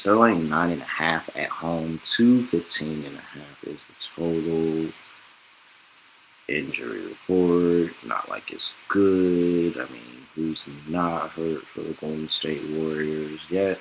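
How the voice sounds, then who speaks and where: Very deep-voiced man hosting a podcast. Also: a bit bright, slight background noise, poor audio. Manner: casual, rambling, self-correcting. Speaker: podcast host. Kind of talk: sports betting podcast talk with ad reads.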